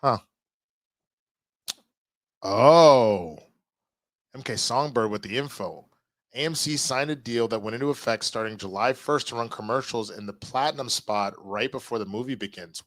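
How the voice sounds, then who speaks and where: A man streaming live, chatting casually with his viewers, reading their messages and reacting loudly to clips. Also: mid-range voice, no echo. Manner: animated, reacts loudly to clips and reads chat.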